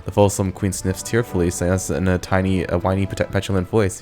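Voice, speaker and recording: A man's voice: sits low, level tone, fairly quick, few pauses, dark tone, a little hiss or hum. A man hosting a let's play, reading game text aloud and adding casual, joking asides. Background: game music.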